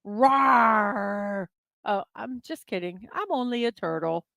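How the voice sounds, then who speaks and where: Woman as small turtle playing tough, playful mock-roar, low-key. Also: sing-song, moderate pace, gravelly, darkish tone, no echo, clean studio sound. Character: small turtle pretending to be ferocious.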